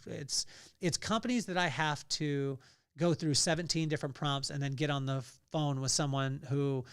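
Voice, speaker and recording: A man's voice: fairly high pitch, fairly bright tone, smooth, no room sound, clean studio sound. A middle-aged man hosting a podcast, giving a motivational talk on leadership that draws on scripture and repeats key phrases for emphasis. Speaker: podcast host.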